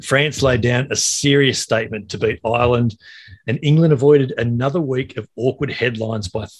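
A man's voice: mid-range voice, moderate pace. A man hosting a rugby podcast, upbeat and chatty, introducing co-hosts and guests. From Australia. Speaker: podcast host. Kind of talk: casual sports podcast banter.

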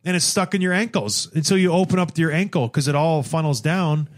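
A young man chatting casually as a guest, telling animated stories and acting out what people said. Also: fairly high pitch, brisk. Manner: animated storyteller, acts out quotes. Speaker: podcast guest. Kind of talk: casual chat.

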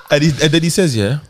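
A man chatting on a podcast, his voice a bit high and swinging widely up and down. He tells stories fast and acts out the other people's lines. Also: noisy background. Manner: animated, quick storytelling with acted-out quotes. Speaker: podcast co-host. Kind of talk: casual chat.

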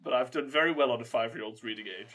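A man's voice: mid-range voice, quick pace, a bit bright. Tipsy man cracking crude jokes. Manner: crude, self-deprecating jokes. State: tipsy from gin. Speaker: podcast co-host. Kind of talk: casual comedy chat.

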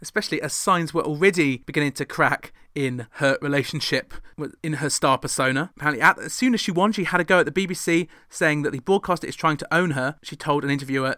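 A man's voice: on the high side, fast, few pauses, pushed and bright, no room sound. A man hosting a chart retrospective, reading from a script with dry, sarcastic asides. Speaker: podcast host reviewing old pop charts.

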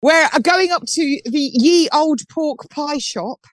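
A woman whose voice sits high takes it slowly as she walks an outdoor market, chatting animatedly on the phone. She's a southern English guest on a live call-in show, full of restarts, captured in a dry recording.

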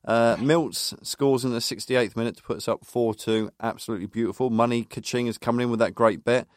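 A man's voice: mid-range voice, steady tone, fairly quick, no echo, studio quality. A man co-hosting a casual football podcast, reading from notes and recounting old match details. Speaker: podcast co-host.

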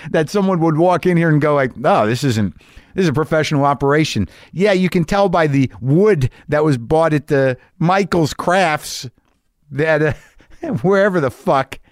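A man's voice: a little high, darkish tone, dry recording. Profane, rambling male podcast host. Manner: profane, self-deprecating, restless. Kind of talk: rambling storytelling monologue. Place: home garage studio. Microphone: studio mic with headphones. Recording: dry, close studio sound.

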